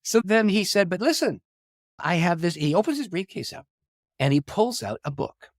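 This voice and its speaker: A middle-aged man, a pastor and author, telling a long story in an interview with animated delivery, acting out quoted dialogue and laughing often. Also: high-pitched, normal speed, no room sound, clean studio sound. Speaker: pastor and author, podcast guest.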